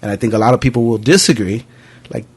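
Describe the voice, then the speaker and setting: A young man hosting a podcast, telling animated anecdotes in casual chat with frequent profanity. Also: medium pitch, fast, breathy edge. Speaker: podcast host.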